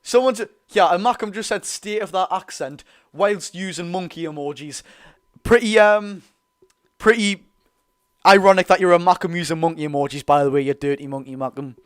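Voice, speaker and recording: A young man with a Geordie accent giving excitable, partisan live commentary on a football match for his viewers. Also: sits high, moderate pace, clean tone. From North East England. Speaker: football fan streamer.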